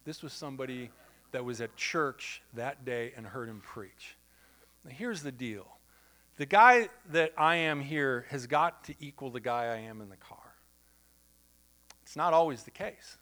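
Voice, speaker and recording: Guy pastor telling a story in a sermon, bright voice, kinda high, talks right to the congregation. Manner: conversational, animated storytelling with asides to the congregation. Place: church.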